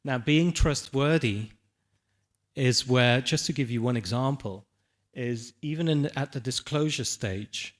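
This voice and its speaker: Male panelist, mid-pitched voice, loose conversational delivery with restarts and check-ins. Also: measured pace. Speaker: conference panelist. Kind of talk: conference presentation.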